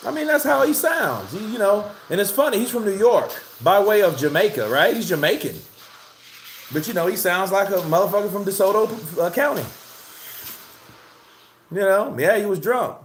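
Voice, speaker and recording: A man's voice: high voice, lively intonation, normal speed, fairly bright tone, a little hiss or hum. A man hosting a live boxing commentary stream, talking in a profane, heated, rambling way. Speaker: host of a boxing commentary livestream.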